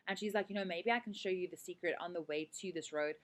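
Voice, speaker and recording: A woman's voice: mid-range voice, fast, hardly any pauses. A woman teacher with a South African accent, explaining a set drama in a casual, chatty way full of fillers.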